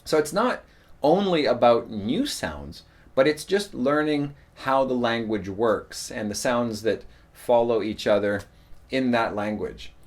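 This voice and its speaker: A man teaching in a relaxed spoken lesson, explaining tips at an easy pace with frequent ums and uhs. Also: mid-range voice, a little slow. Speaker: English teacher.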